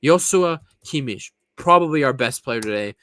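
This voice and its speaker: A man's voice: medium pitch, animated, normal speed, bright, forceful tone. A man from California, ranting crudely and mockingly as a football reaction vlogger at home. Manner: profane, mocking, blunt.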